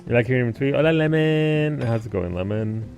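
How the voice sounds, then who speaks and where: A man's voice: mid-range voice, expressive, normal speed, a little mellow, faint music behind. A man live-streaming who chats casually with his viewers, laid-back, greeting people by name and swearing now and then. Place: home basement.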